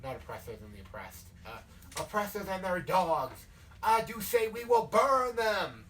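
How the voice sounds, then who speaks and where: A man's voice: sits high, big pitch swings, moderate pace, fairly bright tone. A man voicing a zealous male vampire preacher with a Southern accent, preaching hellfire and brimstone, recorded from a distant mic. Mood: fiery. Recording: distant mic, faint noise.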